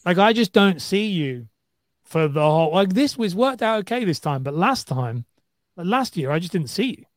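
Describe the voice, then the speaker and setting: High, lively-voiced man teasing his co-host. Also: moderate pace, dry recording, studio quality. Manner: teasing, playful banter. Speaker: podcast co-host. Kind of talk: casual chat.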